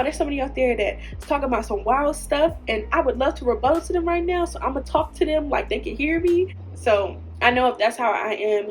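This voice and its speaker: A woman hosting her own podcast, talking earnestly and emotionally, tearful at times. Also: a little high. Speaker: podcast host. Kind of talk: heartfelt solo podcast talk.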